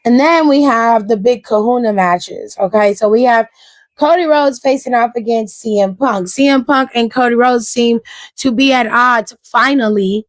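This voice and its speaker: A woman hosts a casual wrestling recap and talks it through in a fairly high voice. She is animated and profane and acts out what people said. The sound is close and dry. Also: moderate pace, no echo. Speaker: wrestling show reviewer, host. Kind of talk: casual commentary.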